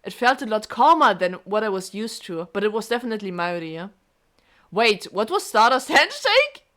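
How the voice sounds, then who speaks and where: A woman streamer reading a game aloud and reacting with emotional, expressive comments. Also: medium pitch, normal speed.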